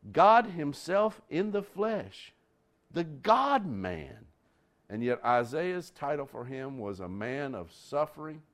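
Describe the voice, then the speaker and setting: A man preaching a sermon, telling stories and stretching key phrases with big rises in pitch. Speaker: pastor.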